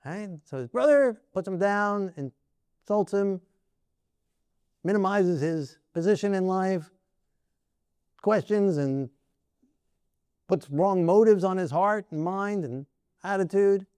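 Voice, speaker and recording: Chatty preacher with a high-ish voice. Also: male voice, slow pace, pauses often, a little mellow, clean tone, dry recording. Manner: conversational, keeps asking "right?" with laughs. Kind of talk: sermon.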